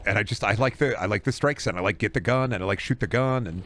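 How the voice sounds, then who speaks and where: A man's voice: lowish voice, fast talker, a bit bright. A man streaming games and ranting casually, swearing constantly and rambling through restarts and asides. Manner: profane, heated ranting with frequent swearing. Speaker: game streamer.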